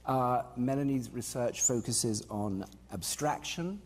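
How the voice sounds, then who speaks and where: On stage in a large hall, a man moderates a panel, introducing the guests in a loose, chatty manner with many fillers. His voice is medium-pitched, slow and darkish, with long hall reverb around it.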